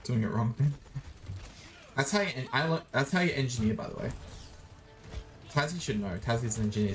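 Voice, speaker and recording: Australian young man, goofy game streamer, casual chat, mid-pitched voice, faint music behind. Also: a little fast, pauses often. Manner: goofy, playful, swears, sings robot noises.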